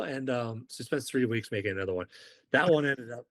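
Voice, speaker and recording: A British ex-Marine on a podcast tells relaxed, lively stories and plays out the dialogue in them. He speaks a little fast at medium pitch, with noticeable vocal fry.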